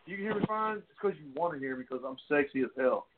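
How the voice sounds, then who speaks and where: A man's voice: fairly high pitch, expressive, fast talker, noisy background. A man hosting a casual radio show, talking in a loose, joking, rambling way. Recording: tinny phone-like audio.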